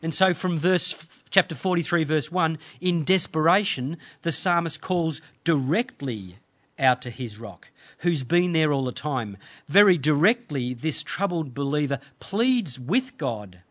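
A man delivering a sermon in a slightly higher-pitched voice. He speaks in measured, earnest phrases, pausing often to let scripture sink in. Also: animated, a bit bright. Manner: measured, earnest preaching with dramatic pauses. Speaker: pastor.

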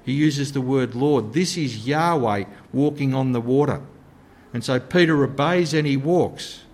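A man preaching a sermon in an earnest way, sometimes dropping to a soft, low voice to stress a point. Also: measured pace.

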